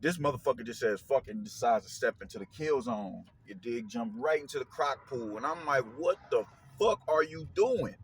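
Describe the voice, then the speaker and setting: Profane, animated man breaking down a fight. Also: medium pitch, brisk, hardly any pauses, a little hiss or hum. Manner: animated, profane, slangy, repeats phrases. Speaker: boxing commentator, show host.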